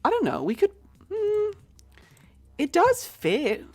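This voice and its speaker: A woman's voice: extremely high pitch, wildly swooping pitch, slow, darkish tone, soft background music, voice pushed up, heavily acted. A woman putting on an American accent to play a brash mother who runs a store in a life-simulation game. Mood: chatty. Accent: put-on American. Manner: playful, exaggerated role-play in a fake accent.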